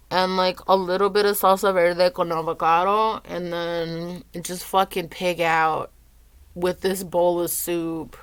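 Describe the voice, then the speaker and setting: A young woman vlogging at home, low and teary, rambling with lots of "like". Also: fairly bright tone, clean tone, dry recording. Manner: rambling, says "like" often. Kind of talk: casual confessional vlog.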